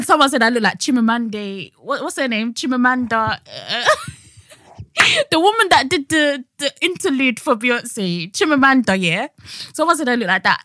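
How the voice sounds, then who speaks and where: Young woman, podcast co-host, lively bright voice, dry close sound. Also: on the high side, no room sound. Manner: animated storytelling with slang and laughter. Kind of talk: casual chat.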